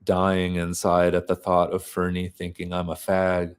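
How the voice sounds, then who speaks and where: A man reading a novel aloud in an unhurried, deadpan way. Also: low-pitched, clear, resonant tone. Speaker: reader of a novel.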